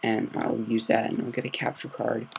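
A man hosting a game let's-play, talking in a hushed, low-key and rambling way, with a slight sore throat. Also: completely flat delivery, moderate pace, vocal fry, slight background noise. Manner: quiet, low-key, meandering. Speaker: gaming video host.

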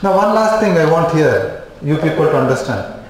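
A man's voice: fairly high pitch, lively intonation, normal speed. Man lecturing in an echoey classroom. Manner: repetitive, checks in with "okay?" constantly. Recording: very echoey classroom, faint noise.

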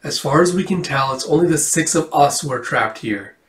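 A man's voice: fairly high pitch, expressive, brisk, close to an everyday voice. A man voicing a fussy, curmudgeonly old male robot who speaks stiffly and precisely. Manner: formal, precise wording. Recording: roomy echo, distant from the mic.

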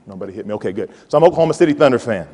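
A man in his forties giving a playful, animated motivational talk to students and calling out to the audience. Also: medium pitch, racing. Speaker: college president giving a talk. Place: large hall with a live audience. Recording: hall reverb.

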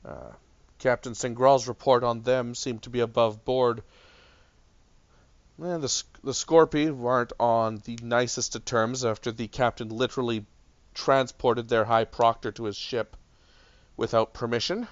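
A man runs a tabletop game, narrating with many hesitant fillers. His voice sits mid-pitch. The sound is dry and a bit dull. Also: fairly even intonation, measured pace, no echo. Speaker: game master.

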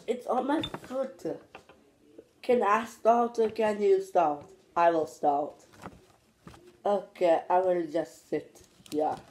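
A woman chatting playfully in a holiday vlog, breaking into yelps and sudden loud outbursts. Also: fairly low pitch, takes it slowly, slight background noise. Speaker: vlogger.

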